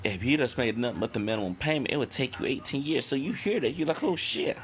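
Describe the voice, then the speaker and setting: A man's voice: medium pitch, expressive, quick pace. A man in a casual talking-to-camera monologue, recounting phone calls in a loose, blunt way. He drops swear words easily and slips into quoting both himself and the callers as he goes. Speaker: finance video host.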